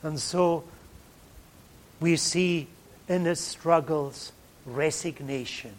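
A man preaching a sermon in a dramatic way, dropping to a hush and then rising loud. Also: fairly high pitch, slow, long pauses, a little hiss or hum. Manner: dramatic, swings from hushed to loud.

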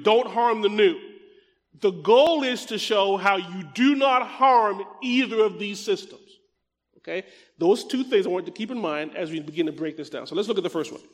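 A middle-aged man preaching a sermon, reading scripture slowly and emphatically, then breaking into quick conversational asides to the congregation. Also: high-pitched. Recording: long reverb of a large hall.

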